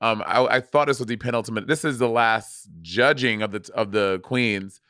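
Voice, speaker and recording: A man co-hosting a podcast in casual chat, playful and quick to laugh. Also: lowish voice, steady tone, pushed and bright, no echo, clean studio sound. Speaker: podcast co-host.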